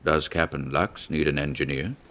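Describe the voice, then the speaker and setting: A man voicing a deep-voiced ghostly old sea captain who speaks slowly, solemnly and with stern sympathy. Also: steady tone, a bit bright.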